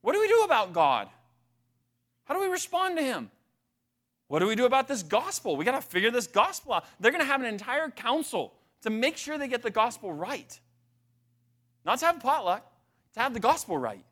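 A man's voice: very high voice, sing-song, brisk, long pauses, fairly bright tone. A man preaching a conversational sermon, emphatic, with frequent restarts and asides to the congregation. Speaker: pastor.

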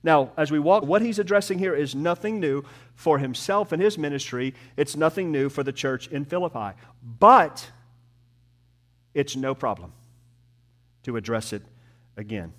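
A man preaching a sermon to his church as pastor, earnest, building up and then dropping to soft, slow emphasis. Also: fairly high pitch, lively intonation.

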